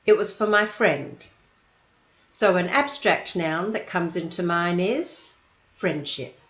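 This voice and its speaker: A woman teaching an English lesson, speaking slowly and clearly and patiently stressing syllables. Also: lowish voice, a bit bright, roomy sound, lo-fi sound.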